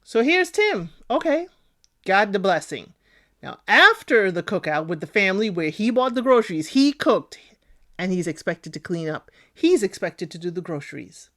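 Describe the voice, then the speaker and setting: Expressive woman recapping a TV show. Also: mid-range voice, normal speed. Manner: expressive, acts out other people's lines. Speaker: podcast host. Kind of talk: casual TV recap commentary.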